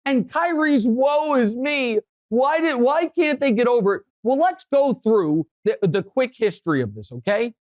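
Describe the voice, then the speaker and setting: A male sports talk host chatting casually in a dry studio with no room echo. He tells stories with animation and pushes his voice higher as he gets fired up. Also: moderate pace, few pauses. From Kansas City area, USA. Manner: animated storytelling, voice rising when worked up.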